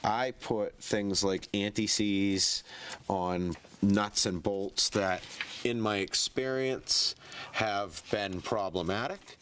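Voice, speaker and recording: A man with a slightly low voice and a stuffy, congested sound talks through a car repair in a relaxed, chatty way, dropping fillers and dry asides. His mouth breathing comes through up close on a quality mic, and a faint noise sits underneath. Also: slow pace. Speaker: home mechanic. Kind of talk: casual how-to narration while working. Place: garage, working on a car engine. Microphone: good-quality mic picking up breathing.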